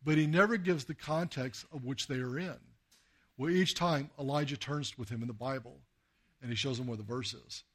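A male preacher who talks to his congregation like he's telling stories over coffee, with plenty of "uh" and "you know" along the way. His voice sits at an ordinary middle pitch. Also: moderate pace, fairly bright tone. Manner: anecdotal, conversational, with frequent fillers and acted quotes. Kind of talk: sermon with storytelling.

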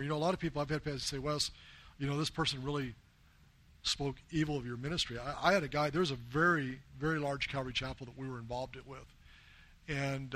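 A man's voice: medium pitch, a bit bright. A man from the United States preaching a sermon as a missionary, telling earnest stories and quoting people in his own plain voice.

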